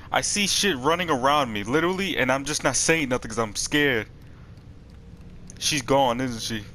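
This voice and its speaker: A young man doing let's play commentary on a horror game, excitable and profane, talking to his viewers and yelping when startled. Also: medium pitch, a little slow, long pauses, a little hiss or hum. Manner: talks to the viewers. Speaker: gaming streamer.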